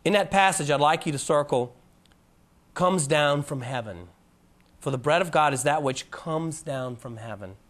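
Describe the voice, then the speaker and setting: Man, Bible lesson, animated, folksy asides, slightly high voice, slows down for scripture. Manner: animated, drops to a low, slow voice for scripture quotes. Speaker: Bible teacher. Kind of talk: presentation lecture.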